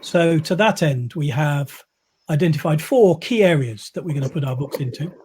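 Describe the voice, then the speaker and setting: A man's voice: a little high, expressive, normal speed, darkish tone, breathy edge. A man, a publisher, chatting casually on a video call in a wry, rambling way with many fillers. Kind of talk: casual chat.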